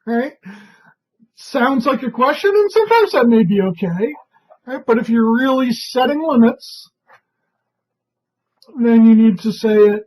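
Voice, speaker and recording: A woman with a fairly high, husky voice leads a training session. She speaks calmly and conversationally, often pausing to ask "right?" as she explains. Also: low-quality recording. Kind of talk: instructional talk.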